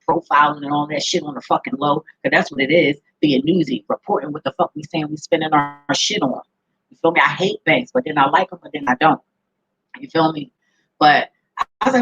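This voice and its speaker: A woman's voice: low voice, vocal fry, a bit bright, husky, no room sound, dull audio. A woman ranting to camera in a blunt, profane way, often laughing as she talks. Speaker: vlogger. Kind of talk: casual ranting monologue to camera.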